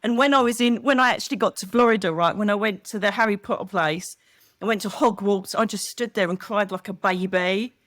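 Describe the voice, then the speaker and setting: Middle-aged English woman, lively storyteller, guest in a relaxed chat, mid pitch, dry close mic. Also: fairly quick, no room sound. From England. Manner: animated storytelling, acts out quoted voices. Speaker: guest psychic medium. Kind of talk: casual interview chat.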